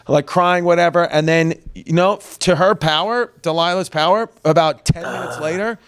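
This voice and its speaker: Animated, slightly high-voiced male host. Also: normal speed, clean tone. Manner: animated storyteller, lots of "like" and swearing. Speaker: podcast host. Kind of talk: casual chat.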